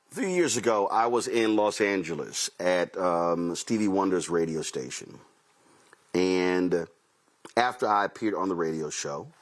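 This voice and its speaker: A man hosting a talk show, telling anecdotes in an emphatic commentary monologue and acting out dialogue as he quotes himself and others. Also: low-pitched. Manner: emphatic, repeats key phrases. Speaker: host.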